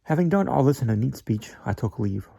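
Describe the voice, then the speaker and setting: A man narrating a classic story in a measured, slightly theatrical way, with an occasional slip of the tongue. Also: medium pitch, animated, vocal fry, warm tone, husky, no echo. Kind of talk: amateur reading of a classic story.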